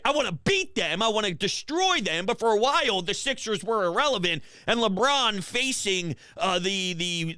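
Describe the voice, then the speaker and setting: A man hosting a sports talk show, ranting fast and animated in an opinionated way, with quick restarts. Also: high-pitched, clean tone, no room sound, studio quality. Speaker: sports podcast host.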